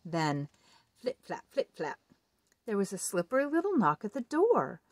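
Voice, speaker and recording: A woman reading a children's picture book aloud in an expressive read-aloud delivery. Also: mid-range voice, normal speed, no room sound, clean studio sound. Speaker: storybook reader.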